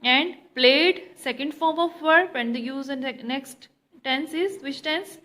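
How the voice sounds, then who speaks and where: A woman teaching a grammar lesson to students, explaining slowly and repeating key words, switching into Hindi now and then. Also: high-pitched, sharp tone, poor audio.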